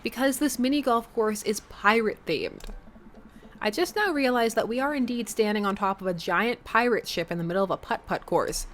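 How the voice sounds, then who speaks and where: A woman's voice: fairly high pitch, moderate pace, a little hiss or hum. A woman chatting and joking as she plays a dating game, reading narration aloud. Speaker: streamer. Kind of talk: let's play commentary and reading game text.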